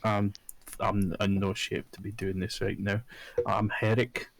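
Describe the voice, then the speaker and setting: Man playing a gravelly, weary adventurer. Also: on the low side, little pitch movement, measured pace, dry recording. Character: weary foul-mouthed male adventurer. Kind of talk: in-character tabletop role-play.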